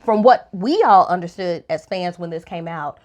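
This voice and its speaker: A woman co-hosting a relationship podcast, talking in a lively, opinionated way, her voice jumping up high when she is incredulous. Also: moderate pace. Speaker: podcast co-host. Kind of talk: casual opinion chat.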